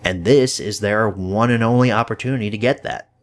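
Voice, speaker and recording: A man's voice: on the low side, a little fast. A young man giving an enthusiastic, profane spoken film review, with occasional stammers. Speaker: movie reviewer.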